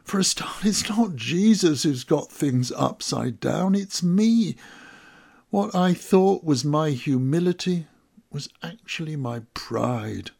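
A man's voice: fairly high pitch, animated, slow pace, vocal fry, darkish tone. A man reciting a reflective first-person monologue, intimate and earnest, with emotional outbursts. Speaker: narrator.

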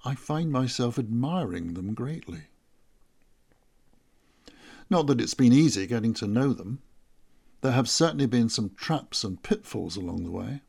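Man reading a story in first person, calm and thoughtful, gravelly voice. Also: medium pitch. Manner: measured, reflective. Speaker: narrator.

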